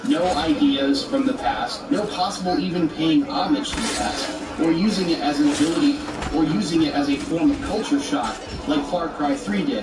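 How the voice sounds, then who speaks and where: A man's voice: fairly high pitch, normal speed, crowd noise. Sarcastic, exasperated ranting man. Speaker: commentator rebutting a video. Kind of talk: argumentative commentary. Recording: roomy, distant with faint noise.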